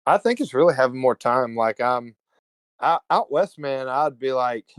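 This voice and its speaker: Smooth-voiced Southern man, laid-back and slangy. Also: mid-range voice, lively intonation, normal speed, dry recording, rough recording. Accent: Southern US (Alabama). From Evergreen, Alabama, US. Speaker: guest. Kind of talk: casual conversational storytelling.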